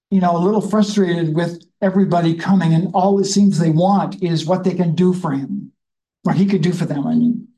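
A Bible study leader in a conversational teaching style, reading scripture slowly and then musing about it in a chatty way. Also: mid-range voice, mellow, low-quality recording.

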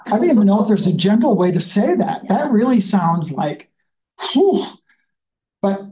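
A Bible study leader in a conversational teaching style, reading scripture slowly and then musing about it in a chatty way. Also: medium pitch, warm tone, low-quality recording.

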